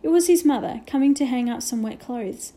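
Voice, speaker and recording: A woman reading a children's novel aloud with gentle storytelling and hushed asides. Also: sits high, brisk. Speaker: reader.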